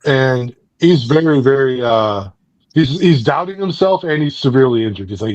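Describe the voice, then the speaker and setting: A man's voice: mid-range voice, animated, normal speed, a little mellow, dry recording, highs cut off. A man hosting a book club podcast, casually recapping and reviewing a comic in a rambling way, with many fillers and restarts.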